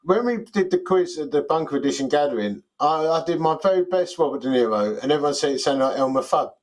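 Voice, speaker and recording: A man's voice: a little high, animated, fast, rough recording. A man co-hosting a chat show, jokey and chatty. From East London. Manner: jokey, chatty, laughs easily. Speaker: co-host. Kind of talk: casual chat show banter.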